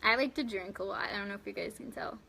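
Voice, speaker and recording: This time the young woman speaks fast in a mid-range, husky voice with a sharp tone and vocal fry. She hosts a casual live stream, giggling as she reads viewer comments and replies by name, rambling loosely with lots of fillers.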